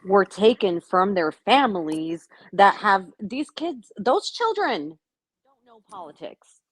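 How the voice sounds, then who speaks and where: A hoarse woman chatting on a panel, earnest and emphatic. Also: medium pitch, big pitch swings, takes it slowly, no room sound. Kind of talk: casual panel chat.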